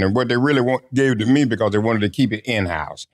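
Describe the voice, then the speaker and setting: An older man sits for an interview and spins his stories in a low voice. He talks in a casual, lively way and acts out what others said to him. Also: fairly quick, few pauses. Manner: lively anecdotal storyteller who acts out quotes. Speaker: interview guest.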